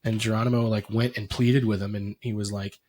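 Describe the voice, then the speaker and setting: A man's voice: on the low side, level tone, fairly quick, a little mellow, a little hiss or hum. Chatty male podcast co-host. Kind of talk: casual podcast chat.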